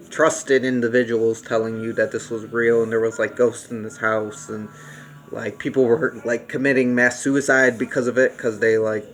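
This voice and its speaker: Rambling young man reviewing a movie. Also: medium pitch. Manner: rambling, many fillers and restarts, excitable. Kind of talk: casual spoken film review.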